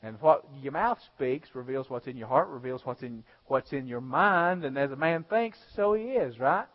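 A male pastor preaching a sermon, swinging between loud exhortation and hushed storytelling. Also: mid-range voice, expressive, normal speed. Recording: dull lo-fi sound.

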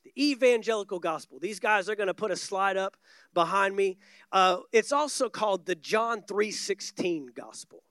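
A man's voice: high voice, moderate pace, bright, forceful tone, no echo. A man preaching a sermon from a church stage, emphatic and repeating key words for stress. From United States.

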